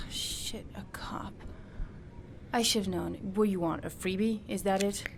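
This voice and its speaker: A woman's voice: medium pitch, fairly even intonation, takes it slowly. A woman with a French accent voicing a guarded, hard-edged young woman in a video game, blunt and curt. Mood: weary. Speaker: game character. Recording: clear background hiss.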